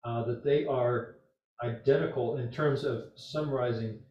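A man leading a group Bible study, talking in a halting, conversational, gently teasing way. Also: medium pitch, fairly even intonation. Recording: far, roomy, dull recording.

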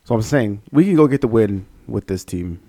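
A man trading loud, profane, teasing banter about football with friends. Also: on the low side, animated, normal speed, no room sound. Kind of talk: casual sports banter.

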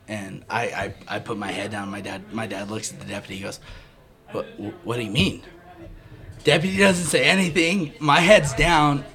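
A man's voice: fairly low pitch, brisk, few pauses. A man telling a story in a casual chat, acting out the people in it and laughing as he goes. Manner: animated, laughing, acts out quoted voices.

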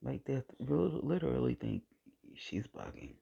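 A woman's voice: rumbling low, animated, a little slow, vocal fry, warm tone, breathy edge, highs cut off. A woman sharing a personal faith testimony in a vlog. She repeats phrases for emphasis and sometimes drifts into a whisper. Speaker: vlogger sharing her faith.

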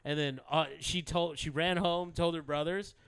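A man with a smooth, resonant voice tells rambling, profane stories in a casual chat. He laughs often and slips into voices for the people he describes. The sound is dry and close, with no room around it. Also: on the high side, steady tone, normal speed, a bit bright, no room sound.

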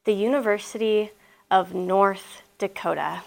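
A young woman from Nebraska, a missionary telling a personal story at a school assembly in a lively, chatty way full of "like.". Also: mid-range voice, unhurried, gravelly, slight background noise. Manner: lively, chatty, many "like" fillers. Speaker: missionary speaker. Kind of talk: storytelling talk.

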